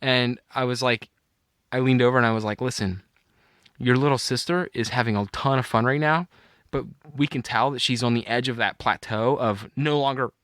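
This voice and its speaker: Bright-voiced man telling a rambling story. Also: mid-range voice, steady tone, normal speed, no echo, studio quality. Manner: rambling storyteller, laughs at own anecdotes. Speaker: podcast co-host. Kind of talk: casual chat.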